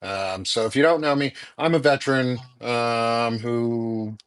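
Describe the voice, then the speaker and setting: A man's voice: mid-range voice, fairly even intonation, unhurried, clean tone. A middle-aged man talking bluntly, with some swearing, as a guest in a casual panel chat. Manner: blunt and profane, self-introducing.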